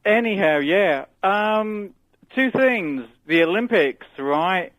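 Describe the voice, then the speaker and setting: Caller: slightly high male voice, rambling and jokey, dull phone-line sound. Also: animated, takes it slowly, no echo. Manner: rambling, jokey conspiracy musings. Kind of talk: phone-in call.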